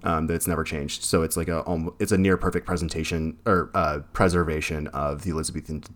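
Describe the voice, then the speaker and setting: A man's voice: very deep voice, little pitch movement, fast talker. A man co-hosting a podcast, talking casually about a film, with many fillers and restarts. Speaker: podcast co-host.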